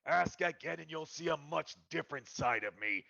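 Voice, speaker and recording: A man voicing a huge, bookish male ogre who speaks slowly and forcefully with a raised voice, in a tabletop game. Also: a little high, animated, gravelly, muffled recording, pitched above the performer's own voice, exaggerated voice. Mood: stern warning.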